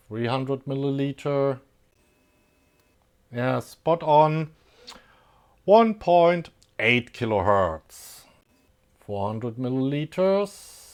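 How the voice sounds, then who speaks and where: German guy talking slowly thru his electronics bench test, lots of uh and yeah, mid pitch. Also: clean tone. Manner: slow, thinking aloud with many fillers. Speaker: electronics hobbyist host. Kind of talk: casual technical explanation.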